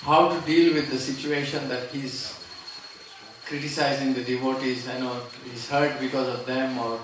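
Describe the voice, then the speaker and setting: A man's voice: medium pitch, level tone, normal speed. A man asking a hesitant question at a seminar, with many fillers. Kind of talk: spoken question from the floor. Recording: echoey hall, mic far off, noisy.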